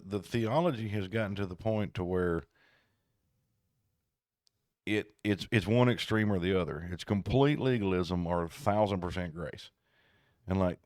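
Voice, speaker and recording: A man with a low voice holds forth bluntly on a podcast, opinionated and lecturing. The sound is dry and close-miked. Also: darkish tone, dry recording. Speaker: podcast co-host. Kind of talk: casual chat.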